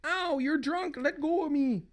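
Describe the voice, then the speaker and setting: A man reading aloud and voicing a frightened wife in a shrill, melodramatic falsetto. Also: huge pitch swings, unhurried, creaky, a bit bright, full character voice.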